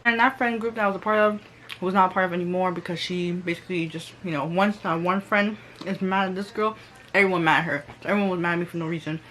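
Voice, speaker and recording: A woman's voice: fairly low pitch, fast, a little hiss or hum. A young woman telling a storytime vlog in casual, slangy talk, acting out what others said. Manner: animated, slangy, reenacts quotes. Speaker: vlogger.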